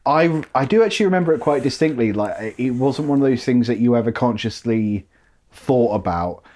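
A man in casual podcast chat, trading deadpan jokes with halting starts. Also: medium pitch. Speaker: podcast co-host or guest.

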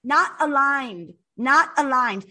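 A woman hosting a podcast in casual chat, telling stories in an animated way, with lots of "like" and swearing. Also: high-pitched, slow. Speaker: podcast host.

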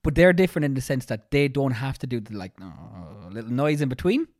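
A woman co-hosting a podcast, talking quickly and jokingly in casual chat. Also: very deep voice, animated, darkish tone, no room sound, clean studio sound. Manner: fast-talking, jokey, breaks into mock announcer voices. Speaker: podcast co-host.

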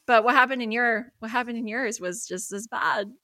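Young female co-host, bright crisp voice, fast filler-heavy storytelling, dry close sound. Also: fairly high pitch, no room sound. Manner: animated, laughing, lots of fillers. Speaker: podcast co-host. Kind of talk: casual storytelling chat.

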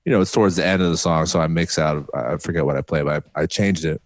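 Male podcast host, very deep voice, dry sound, laid-back. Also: fast, dry recording. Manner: laughs often, loose and relaxed. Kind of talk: casual chat. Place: podcast studio.

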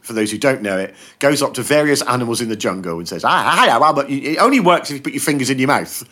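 A man telling long, rambling jokes on a podcast, switching into little voices for each character. His pitch rises and falls a lot as he tells them. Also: quick pace. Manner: animated storyteller acting out joke characters. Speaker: podcast guest. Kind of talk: casual chat.

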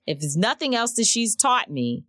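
Lively storytelling woman, dry close sound. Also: moderate pace, dry recording. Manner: animated storytelling, acts out quotes with rising pitch. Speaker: march organizer. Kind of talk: candid interview talk.

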